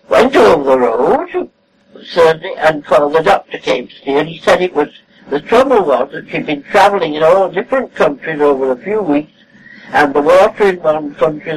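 An older woman telling a story in an interview at her home, acting out remembered dialogue. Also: sits low. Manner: animated, acts out remembered dialogue. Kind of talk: casual storytelling. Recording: distant mic, faint hiss.

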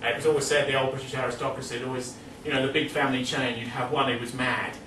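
A man's voice: medium pitch, racing, noisy background. Rambling man talking in an echoey room. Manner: rambling, animated, laughing asides. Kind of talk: casual lecture-style literary talk. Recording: roomy, distant mic, faint ambience.

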